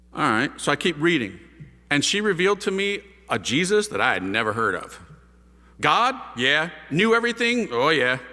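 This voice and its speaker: Animated man telling a story in a hall. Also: a little high. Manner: lively, dramatic, acts out voices in his story. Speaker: priest giving his conversion testimony. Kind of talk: animated storytelling talk to an audience. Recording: long hall reverb.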